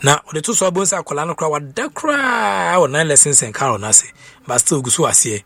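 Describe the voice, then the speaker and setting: A man's voice: a little high, expressive, fast, creaky, bright, forceful tone, no room sound. A Ghanaian man, a radio presenter, reading out announcements and a tribute in a chatty way, stumbling over names and repeating them.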